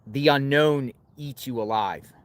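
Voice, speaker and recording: A man's voice: mid-range voice, a little slow, clean tone. A man hosting a casual interview, sympathetic and prompting with short questions. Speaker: host. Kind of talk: casual talk show interview.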